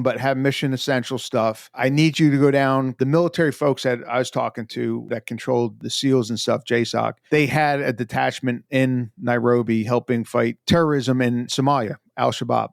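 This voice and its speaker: A retired FBI agent in an interview, telling a story in a casual, animated way and acting out the things he said. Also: medium pitch, creaky, dry recording, studio quality. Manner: animated, acts out his own quoted lines.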